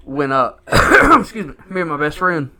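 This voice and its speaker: A man's voice: on the high side, big pitch swings, moderate pace, pushed and bright. A man co-hosting a podcast, telling a rambling story in casual chat, swearing often and filling with "like" and "you know". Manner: rambling, heavy swearing and filler words. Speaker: podcast co-host.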